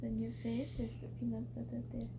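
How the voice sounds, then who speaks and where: A woman's voice: on the high side, completely flat delivery, fairly quick. A woman at home coaxing pet birds and bantering playfully about them. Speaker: pet bird owner. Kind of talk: casual home video chat. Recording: home recording with clear hum.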